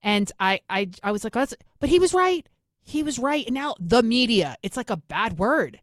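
Fired-up host, New York woman, fairly high voice, dry close sound. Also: animated, no echo. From New York City. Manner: indignant, emphatic, rapid asides. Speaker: political commentary host. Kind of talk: opinionated monologue.

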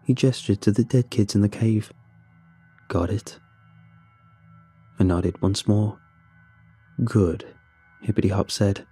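A man narrating a first-person horror story in a steady, somber way. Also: on the low side, a little fast, hardly any pauses, slightly rough, soft background music.

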